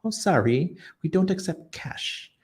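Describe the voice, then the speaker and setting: A man's voice: high-pitched, expressive, unhurried, darkish tone, breathy edge, voice pushed up, full character voice. A man voicing a polite British woman who greets visitors at a church, apologetic and prim.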